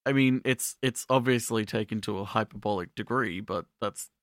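Podcast co-host, man, low and bright voice, measured explainer who hedges. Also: no room sound, clean studio sound. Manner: measured, hedging with "like" and "I mean". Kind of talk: casual chat, explaining.

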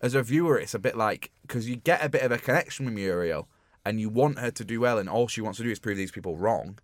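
A man hosting a casual film review podcast, chatty and animated as he retells scenes. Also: lowish voice, fast, no echo. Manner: chatty, animated storytelling with quoted lines. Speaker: podcast host.

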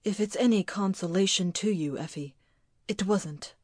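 A woman's voice: normal speed, darkish tone, no echo, clean studio sound, close to an everyday voice. A woman reading a story and voicing a bitter, resentful grown son who answers in a curt, grim way. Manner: curt, grim, low and clipped.

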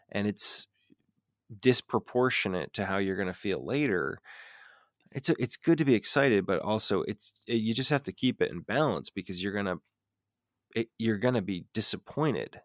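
A man's voice: on the low side, no room sound, studio quality. A man co-hosting a podcast, talking in an easygoing, earnest way, often saying "dude" and "you know". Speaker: podcast co-host. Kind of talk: casual chat.

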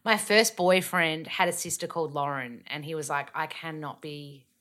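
An Australian woman in her thirties talks openly and frankly, laughing easily and slipping into quoted voices. Her tone is bright and clear. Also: low voice, moderate pace. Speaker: podcast guest. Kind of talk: casual chat.

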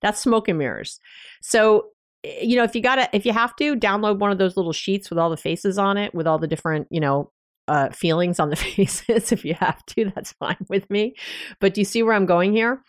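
Speaking briskly in a mid-range voice, a couples therapist offers relationship advice on her solo podcast. The studio-quality audio has no room sound, and her delivery is conversational and anecdotal, with small laughs and restarts.

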